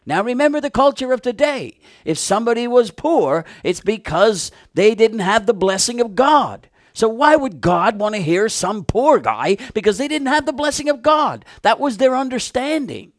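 A man preaching a sermon, retelling a Bible story with animated, fervent emphasis. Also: very high voice, moderate pace, hardly any pauses, dry recording, studio quality.

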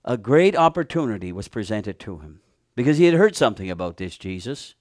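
A man preaching a sermon, retelling a Bible story with animated, fervent emphasis. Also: lowish voice, a little fast, no echo, clean studio sound.

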